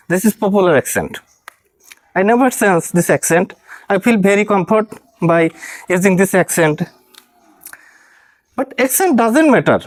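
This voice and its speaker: Slow, earnest Bangladeshi English-speaking man. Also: high-pitched. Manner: earnest, encouraging, halting with frequent self-corrections. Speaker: English language trainer. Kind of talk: motivational talk to learners.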